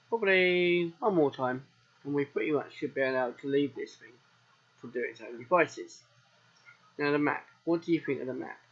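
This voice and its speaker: A man with a southern English accent, chatting and rambling straight to viewers as he streams a farming game. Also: fairly high pitch. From England. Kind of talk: casual let's play commentary. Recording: dull lo-fi recording.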